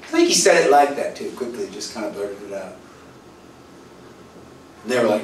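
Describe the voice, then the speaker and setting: Pastor, male, preaching sermon, animated storyteller, distant mic in roomy hall. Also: mid-range voice, normal speed, pauses often. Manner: storytelling, acts out quoted dialogue, swings from loud to soft. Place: church hall. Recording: roomy echo, voice from far off, faint ambience.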